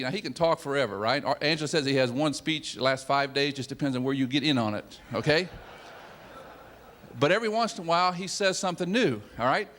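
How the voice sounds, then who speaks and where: Animated man telling stories from a stage. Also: on the high side. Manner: animated, acts out his own excitement. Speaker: sales leader giving a talk. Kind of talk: motivational storytelling speech. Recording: long reverb of a hall.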